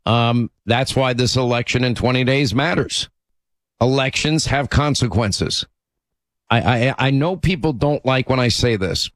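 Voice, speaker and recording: A man's voice: mid-range voice, no echo. A man hosting a call-in talk radio show, speaking emphatically and often restarting his sentences. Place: radio studio.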